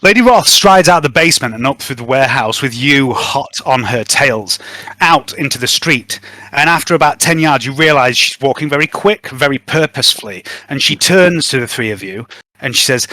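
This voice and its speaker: A man's voice: mid-range voice, moderate pace, no echo. A man narrating a tabletop role-playing game as game master, in a casual, loose way. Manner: casual, relaxed narration with fillers.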